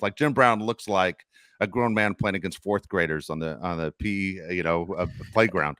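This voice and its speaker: Low-voiced man telling a sports story. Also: moderate pace, no room sound, studio quality. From Los Angeles area. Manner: storytelling, animated, swears casually. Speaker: podcast host. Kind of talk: casual sports chat.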